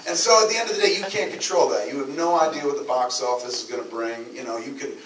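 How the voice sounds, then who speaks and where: A man's voice: mid-range voice, fast talker, heavy background noise. Brief: candid, foul-mouthed man fielding audience questions, roomy echo, mic at a distance. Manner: candid, profane, rambling. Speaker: filmmaker answering audience questions. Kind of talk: live Q&A talk.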